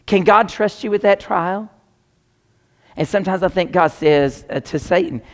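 A man preaching, his voice sitting a little high. He is animated and talks straight to the people in front of him, mixing warnings with jokes. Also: moderate pace. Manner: animated, joking, talks to the congregation directly. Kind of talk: sermon.

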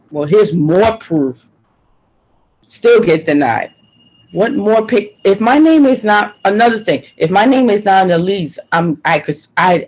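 A woman's voice: fairly low pitch, breathy edge, poor audio. A woman being interviewed, talking in an emphatic, frustrated way and repeating her points. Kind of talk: personal testimony interview.

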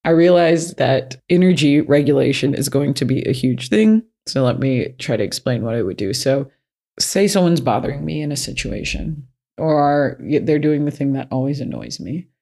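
A frank self-help speaker gives casual advice in a middle-pitched, creaky voice at a moderate pace, speaking plainly from personal experience. The delivery is relaxed, conversational and unscripted, and key points get hammered home through repetition.

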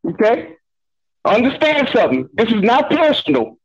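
A male caller on a radio show, laid-back and reassuring, repeating himself to calm listeners. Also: extremely high pitch, normal speed, slightly rough, muffled recording. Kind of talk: call-in radio chat.

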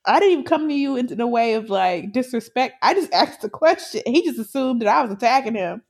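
A woman casually telling a story on a podcast, animated and laughing often, swearing freely. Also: fairly high pitch, fast talker.

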